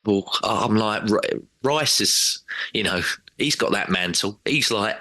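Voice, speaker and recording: A low-voiced man chats casually about football on a podcast, rambling and animated and slipping into quoted voices. His tone is bright and forceful, and the recording is dry and close. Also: a little slow, no echo. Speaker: podcast regular.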